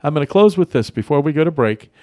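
A man's voice: fairly high pitch, lively intonation, fast, a little mellow, no echo, clean studio sound. Chatty man hosting local radio. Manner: rambling, friendly, many fillers and restarts. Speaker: radio host. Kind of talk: casual talk radio chat. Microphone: studio mic.

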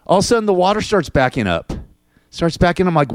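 A middle-aged man rambles through a crude, venting solo monologue, tacking "man" onto his sentences and restarting often. His voice is smooth and resonant. The sound is dry and close, with no room around it. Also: high voice, big pitch swings, fast, no echo. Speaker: podcast host.

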